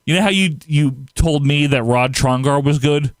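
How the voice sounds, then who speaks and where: A man's voice: on the high side, normal speed, dry recording. A man, hosting a casual livestream, reading viewer comments and rambling with frequent laughs. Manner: rambling, laughs often, animated outbursts. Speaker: livestream host.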